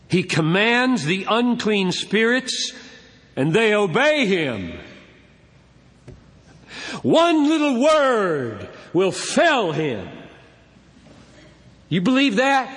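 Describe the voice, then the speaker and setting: A man preaching a sermon with emphasis, slowing down to stress key words. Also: high-pitched, fairly bright tone. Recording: long hall reverb.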